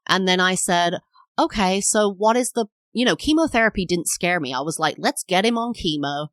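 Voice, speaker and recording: Chatty woman in her thirties, low voice. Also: lively intonation, normal speed, a bit bright, no echo. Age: 30s. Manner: chatty, rambling, many fillers, acts out quoted voices. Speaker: podcast host. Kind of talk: casual personal storytelling.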